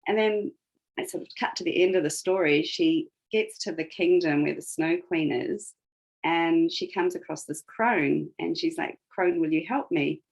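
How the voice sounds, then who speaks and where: A woman with a lowish voice tells a story in conversation, thinking aloud as she goes. Her retelling is reflective and stresses the moments that matter to her. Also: moderate pace, rough recording. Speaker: guest.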